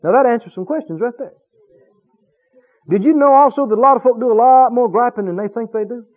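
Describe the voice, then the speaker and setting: A man preaching a sermon, emphatic and animated, stretching key words for effect. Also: extremely high pitch, a little fast. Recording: tinny phone-like radio broadcast.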